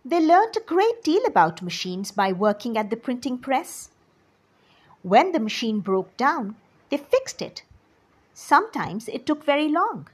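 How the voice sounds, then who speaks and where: A woman reads a children's story aloud with an expressive delivery. Her voice is breathy and fairly high. She moves slowly, with a lively rise and fall. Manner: expressive, addresses children directly.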